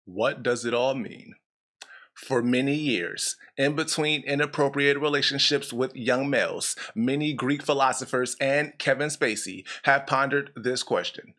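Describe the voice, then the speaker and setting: A man hosting a comedy show, delivering an absurd, deadpan monologue with self-mocking asides. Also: mid-range voice, normal speed, few pauses.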